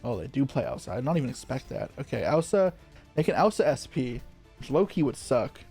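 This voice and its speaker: A man streams an online card game, talking through each move as he plays it. His voice sits at a middling pitch, and his quick muttered asides run into one another as he thinks aloud. Soft music plays faintly underneath. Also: very animated, gravelly, breathy edge. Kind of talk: live gameplay commentary.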